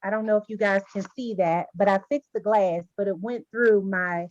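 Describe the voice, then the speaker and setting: A woman's voice: medium pitch, steady tone, moderate pace, darkish tone, dry recording. An upset, emotional woman speaking as a resident in an online community meeting over a video call. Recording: slightly dull, dry call audio.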